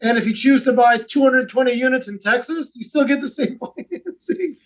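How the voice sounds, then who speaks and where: High-voiced man, somewhat off-mic. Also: fairly quick, far from the mic, poor audio. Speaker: real estate investor guest. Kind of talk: casual podcast conversation.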